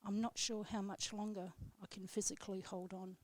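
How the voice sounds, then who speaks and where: A woman on live radio reading her own poem aloud in a steady, measured way, then chatting with the host. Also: medium pitch, no echo. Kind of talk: poetry reading, then casual chat. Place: radio studio.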